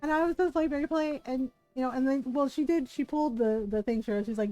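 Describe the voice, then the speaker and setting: A woman's voice: sits high, fast, faint music behind, poor audio. Sarcastic woman streamer telling a story. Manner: animated, sarcastic, laughs often between sentences. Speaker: live streamer. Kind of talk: casual storytelling chat.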